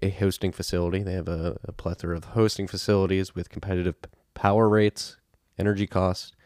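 A man's voice: deep voice, darkish tone, dry recording, clean studio sound. A man hosting a podcast, reading sponsor spots in a loose, offhand way and spelling out web addresses. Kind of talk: casual ad read.

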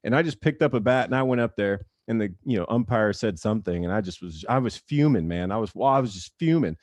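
A man's voice: fairly low pitch, fast talker, no echo. A man in his thirties, a former baseball player, telling stories casually in an interview and acting out the quotes. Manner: animated storyteller, acts out quotes, laughs often.

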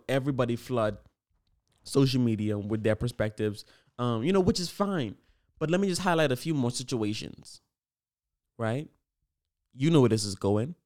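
A man hosting a casual solo podcast, rambling and animated with lots of fillers, hyping things up. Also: medium pitch. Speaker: podcast host.

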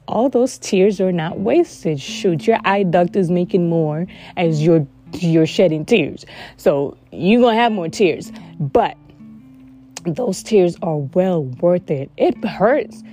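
Woman, low warm voice, earnest personal monologue, emphatic repetition. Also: lively intonation, slow, soft background music. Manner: earnest, repeats words for emphasis. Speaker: vlogger sharing personal experience. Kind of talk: heartfelt casual monologue.

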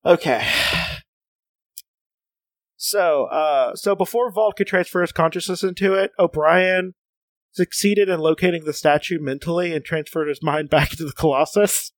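A man's voice: on the high side, moderate pace, no echo. A man co-hosting a casual comics podcast. He reads passages aloud, laughs a lot and often restarts his sentences. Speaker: podcast co-host.

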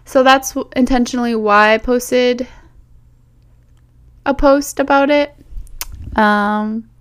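A woman's voice: a little high, steady tone, slow, clear, resonant tone. A young woman hosting her own podcast, chatting playfully and directly to listeners as their bestie, recorded as a phone voice memo. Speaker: podcast host. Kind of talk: casual chat.

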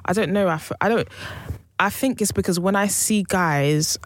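A woman's voice: mid-range voice, normal speed, no room sound. Young woman, chatty, trails off a lot, dead dry close mic. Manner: chatty, laughs often, trails off mid-sentence. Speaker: podcast co-host. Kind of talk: casual chat.

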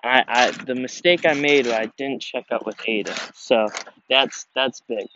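A young man hosting his own podcast outdoors, telling a story casually in a relaxed, slangy way with lots of fillers and restarts. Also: mid-range voice, measured pace, lo-fi sound, noisy background. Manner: laid-back, slangy, many fillers and restarts. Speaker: podcast host. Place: outdoors in nature.

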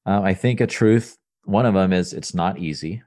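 A man in his thirties with a deep, low voice talks in a casual podcast interview. He rambles upbeat and earnest, stumbling over restarts and repeated words as he goes. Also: moderate pace, darkish tone. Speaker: entrepreneur guest.

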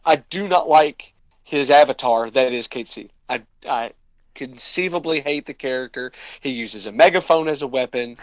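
A man's voice: medium pitch, moderate pace, no echo, highs cut off. A man co-hosting a casual chat, complaining emphatically and repeating his points. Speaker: podcast co-host.

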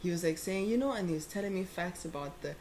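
A young woman in her twenties telling a story in casual chat, animated and laughing often. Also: on the low side, fast talker, a little hiss or hum.

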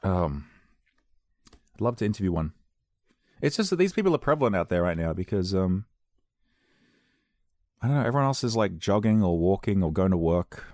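A man's voice: low-pitched, big pitch swings, moderate pace, pauses often, darkish tone, no echo. A man hosting a podcast, talking in a casual, rambling way, joking at his own expense and drifting into silly bits. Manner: jokey, self-deprecating, slips into silly voices. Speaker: podcast host.

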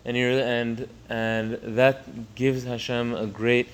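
A man's voice: flat delivery, slow, smooth. A man teaching a religious text line by line, stopping often to restart a phrase and raising his voice on key points. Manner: rises in pitch and volume to stress key points. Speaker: Torah teacher. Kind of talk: text study lesson.

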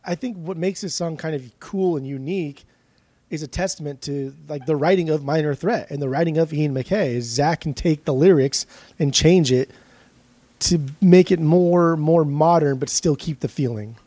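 A man's voice: a little high, normal speed, dark tone, no echo. A man co-hosting a casual music discussion, blunt and argumentative. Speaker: podcast co-host.

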